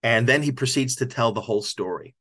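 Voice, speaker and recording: An older man recalls a story for an interviewer. He gets choked up as he speaks, often restarting his sentences. His voice sits at an ordinary mid pitch. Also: brisk, fairly bright tone. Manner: reflective, emotional storyteller with frequent restarts. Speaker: author and podcast guest.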